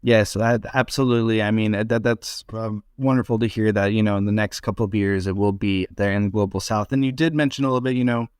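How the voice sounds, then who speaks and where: A man hosts an interview in a conversational way, his questions loosely strung together. His voice is clear and smooth, and the recording sounds dry and close. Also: lowish voice, fairly even intonation, quick pace, hardly any pauses, dry recording. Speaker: interview host.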